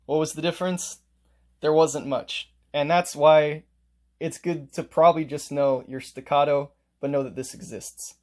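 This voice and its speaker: Man, music teacher, casual lesson, step-by-step explanations, fairly high voice. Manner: explains step by step, demonstrates on instrument.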